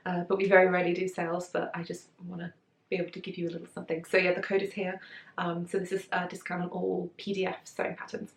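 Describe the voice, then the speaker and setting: A woman's voice: fairly low pitch, completely flat delivery, quick pace, gravelly, echoey room, a little hiss or hum. A young British woman chatting casually about her handmade clothes at home, giggly, with lots of fillers and asides. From Britain. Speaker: sewing vlogger. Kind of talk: casual chat. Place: room at home.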